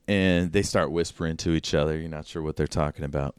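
A man's voice: very deep voice, steady tone, brisk, clean tone, no echo, studio quality. A man narrating a tabletop game as game master, in a loose, chatty way full of fillers.

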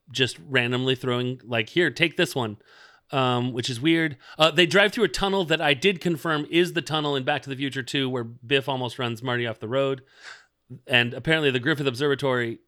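A male podcast co-host recaps a TV episode in casual chat, rambling with plenty of fillers. His mid-range voice sounds pushed and bright.

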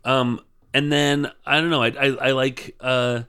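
A man's voice: medium pitch, flat delivery, a little slow, bright, forceful tone, clean tone. A man co-hosting a podcast, chatting casually about a TV show with rambling asides and frequent laughs. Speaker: podcast co-host.

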